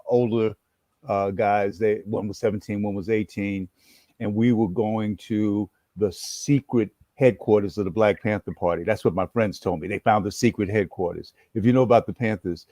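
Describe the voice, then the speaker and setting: A man in his sixties from New York, an animated storyteller who acts out his story as an interview guest. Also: fairly low pitch, dry recording. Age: 60s. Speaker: guest, former activist and educator.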